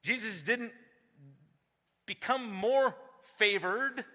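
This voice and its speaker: A teaching pastor in his forties delivers a sermon, his high-set voice slow, pushed, and bright. He's emphatic yet conversational, lobbing rhetorical questions at the congregation, and the large sanctuary gives it a long hall reverb.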